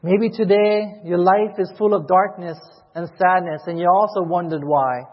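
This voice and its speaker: A man's voice: high-pitched, fairly even intonation, normal speed. A man preaching a sermon as a pastor, pleading emotionally and asking repeated questions to his church. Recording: echoey hall, muffled lo-fi sound.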